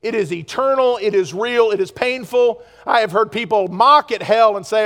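A pastor preaching a sermon to his congregation, with pleas that swing from loud urgency to hushed earnestness. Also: sits high, normal speed, few pauses, big-room sound. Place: church sanctuary.

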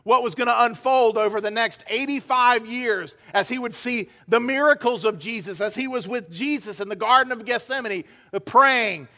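A man's voice: very high voice, normal speed, hardly any pauses, pushed and bright. A man preaching a sermon as pastor, emphatic and acting out the quoted dialogue. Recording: hall reverb.

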